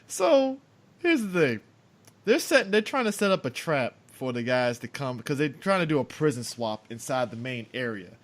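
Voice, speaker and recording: A man's voice: medium pitch, very animated, normal speed. A man co-hosting a casual movie review podcast, talking bluntly and with lots of swearing, sounding exasperated. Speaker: podcast co-host.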